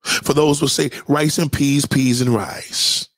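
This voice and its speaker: A man's voice: mid-range voice, steady tone, takes it slowly, no echo, studio quality. A man giving a heated, profane reaction rant as a commentator, talking back to a clip. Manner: profane, confrontational, preachy.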